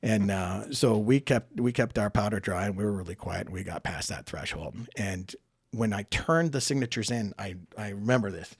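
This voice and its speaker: A man's voice: lowish voice, normal speed, breathy edge, dry recording, studio quality. A man being interviewed on a podcast, telling a story in a chatty, casual way, acting out the dialogue and often tagging sentences with "right?". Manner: chatty, acts out quoted dialogue, frequent "right?" tags. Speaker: podcast guest, political candidate.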